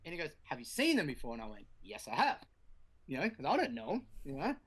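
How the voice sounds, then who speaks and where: A man's voice: a little high, huge pitch swings, fast talker, a bit bright, husky. A man, a guest BMX rider, chatting casually and telling a sweary story, acting out quotes. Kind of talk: casual podcast chat.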